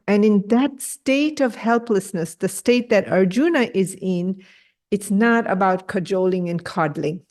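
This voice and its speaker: A woman leads an online scripture class over a video call, her voice sitting a little high. She talks in an animated, direct way, acting out the voices she quotes and often checking in with her listeners. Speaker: spiritual teacher.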